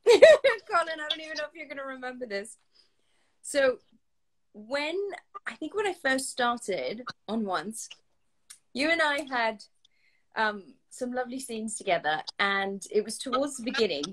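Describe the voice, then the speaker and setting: A woman's voice: fairly high pitch, expressive, moderate pace, a bit bright, rough recording. A woman hosting a casual talk show, chatting and telling stories with giggles. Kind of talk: casual chat.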